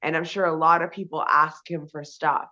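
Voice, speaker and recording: A woman with a bright, forceful voice rambles through her answers as an interview guest, loaded with fillers and swearing. The audio is dull and lo-fi. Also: low-pitched, fairly even intonation, normal speed. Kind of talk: casual conversation.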